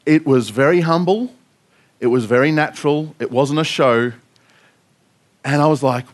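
A man's voice: on the high side, normal speed, pauses often. Earnest man telling a mission story. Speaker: pastor. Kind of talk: sermon testimony.

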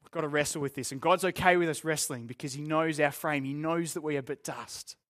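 A man's voice: on the high side, fast, fairly bright tone. Earnest young Australian man preaching. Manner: earnest, candid and self-deprecating, with joking asides. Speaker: pastor. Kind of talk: sermon. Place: church room with a live congregation.

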